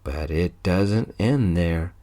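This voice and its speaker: A man voicing a gruff young male coworker who teases in a crude way, in a soft-spoken whispered role-play. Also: low voice, slow. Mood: teasing. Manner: teasing, snickering, drawn out.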